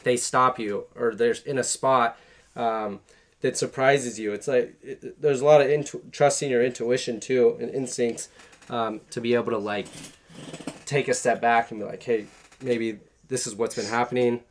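A man's voice: mid-range voice, steady tone, moderate pace. A man talking casually about paintball strategy, rambling with many fillers. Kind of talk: casual chat.

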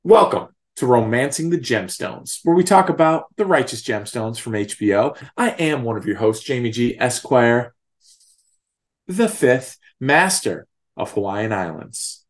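A man hosts a relaxed podcast about a TV series, speaking at an ordinary middle pitch. He plays the host in a jokey, mock-grandiose way and swears freely. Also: moderate pace, hardly any pauses. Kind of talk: casual podcast chat.

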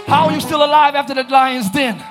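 A man preaching a live sermon as pastor, shouting and calling out to his congregation. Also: very high-pitched, a little fast, over music. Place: church sanctuary.

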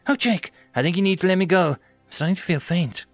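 A man's voice: high-pitched, a little fast, no echo, faint music behind, pitched above the performer's own voice, lightly acted. A man voicing a frantic, tearful middle-aged mother with a shaky, pleading manner in a storybook reading. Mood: faint pleading. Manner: shaky, pleading, rising to screams.

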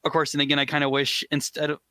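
A man's voice: fairly high pitch, monotone, very fast, pushed and bright, clear, resonant tone, dry recording. A man from Texas calling in to a gaming chat, hesitant and apologetic, with many ums and restarts. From Texas, USA. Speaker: guest caller.

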